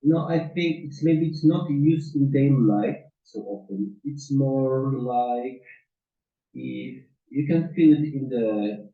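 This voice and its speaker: A man speaks slowly and haltingly, hunting for the right words. His voice comes over a thin, phone-like line. The room around him sounds echoey. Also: mid-range voice. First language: Polish. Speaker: student. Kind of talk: conversation lesson.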